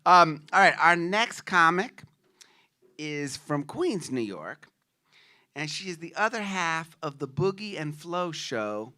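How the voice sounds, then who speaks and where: A man's voice: fairly high pitch, very animated, slow, pushed and bright. A man hosting a comedy show on a club stage, hyping the crowd and bringing on the next comics. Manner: hypes the crowd, introduces the comics. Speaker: show host. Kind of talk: emceeing comedy acts.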